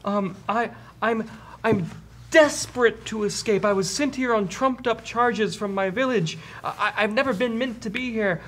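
A man voicing a frail, timid male orc prisoner who stammers and pleads in a high voice. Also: normal speed, fairly bright tone. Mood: pleading.

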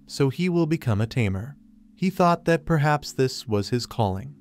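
A man narrating a manga recap in a flat, retelling manner, recounting each scene in reported speech. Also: medium pitch. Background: faint music.

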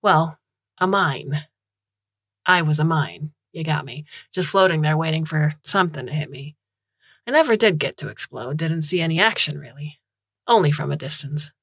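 A rough, gravelly old hobo who happens to be a talking caravan, as a woman reading the story puts him on. He grumbles and rambles, low and husky, in a dry close recording. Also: lively intonation, normal speed, a bit bright, no room sound, heavily acted. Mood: rambling. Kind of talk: audiobook reading.

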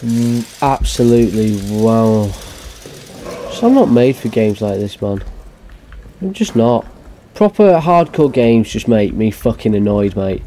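Slow, mellow gamer swearing in frustration. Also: male voice, medium pitch, lively intonation, slight background noise. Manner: frustrated, swearing, muttering at the game. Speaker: gamer streaming a horror game. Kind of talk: let's-play commentary.

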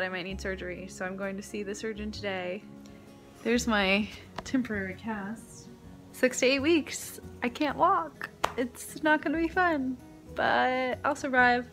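A woman's voice: medium pitch, steady tone, measured pace, a bit bright, faint music behind. Chatty self-mocking young woman vlogger. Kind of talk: casual vlog chat. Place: her apartment.

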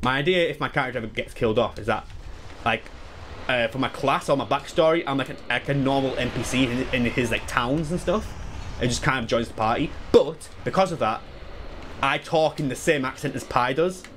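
A man in his twenties chatting casually and excitedly while playing through a game, swearing freely and wandering into asides. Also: medium pitch, a little fast, a little hiss or hum. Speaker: gaming YouTuber. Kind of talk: live speedrun commentary.

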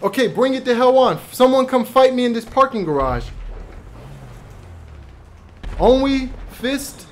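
A man voicing a brash, hotheaded male cartoon character who taunts and yells at rivals while playing through a live game stream. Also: extremely high pitch, animated. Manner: swaggering, taunting, quick to yell. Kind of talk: voiced live gameplay stream.

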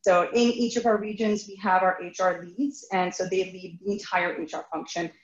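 A woman's voice: fairly low pitch, fairly even intonation, moderate pace. Businesslike woman on an echoey, dull line. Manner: fluent, businesslike, many "so" openers. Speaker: guest, recruiting lead. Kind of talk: podcast interview answers.

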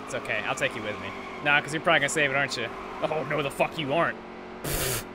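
A man's voice: medium pitch, quick pace. A man hosting a gaming channel, commenting live on a racing game in a frustrated, profane rant. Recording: race car engine noise behind. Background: racing game engine sounds.

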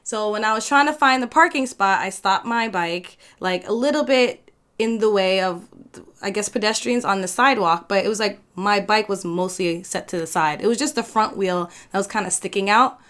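A woman's voice: mid-range voice, moderate pace, fairly bright tone. Young woman, podcast co-host, casual storytelling, filler-heavy, swears freely.

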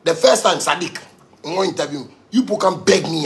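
Heated gravelly Ghanaian man ranting. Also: fairly high pitch, a little fast, slight background noise. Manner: heated, profane, repetitive. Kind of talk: angry rant.

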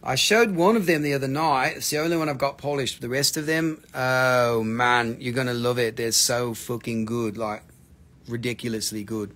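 A man's voice: mid-range voice, moderate pace, fairly bright tone. A man hosting a live stream crystal sale, with playful salesman patter in a put-on joke voice and some cursing. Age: adult with a daughter.

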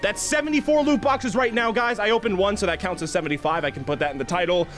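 A young man hosts a satirical gaming vlog, playing an over-the-top hyped YouTuber before sinking into deadpan mumbles. His voice sits high and moves fast, with faint music in the background.

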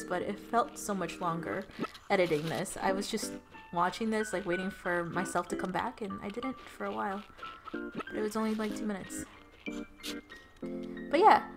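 A young woman giving casual commentary over her gameplay footage, rambling and giggling as she loses her train of thought, at home. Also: fairly high pitch. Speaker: let's play gamer. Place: at home with her cat on her lap. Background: game music.

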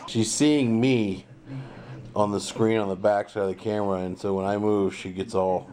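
A man's voice: lowish voice, steady tone, normal speed, a crowd in the background. A young man chatting casually in a vlog, joking running commentary into a handheld phone camera. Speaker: vlogger.

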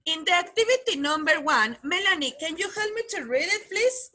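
Bright-voiced teacher. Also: female voice, very high voice, animated. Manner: patient, explains slowly, repeats key words. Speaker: English teacher. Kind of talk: online class lesson.

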